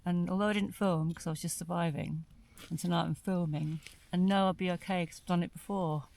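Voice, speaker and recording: A woman's voice: lowish voice, fairly even intonation, a little fast, gravelly, a little mellow. A woman vlogging from inside a small tent in winter, chatting aloud to the camera and musing as she goes. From South East London. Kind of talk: casual solo camping vlog.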